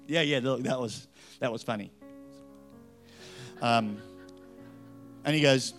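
A middle-aged man with an Australian accent preaching a story-filled sermon, swinging between loud punches and hushed asides. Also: medium pitch, slow, pauses often. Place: church with live band. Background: faint music from a band.

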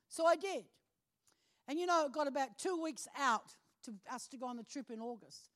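A middle-aged woman speaks from the pulpit with a notably high voice, sharing a personal testimony. She tells the story with animation, slipping into the voices of the people she quotes. Laughter keeps breaking through her words. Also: normal speed. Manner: animated storytelling, acting out phone calls, laughing often. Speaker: preacher.

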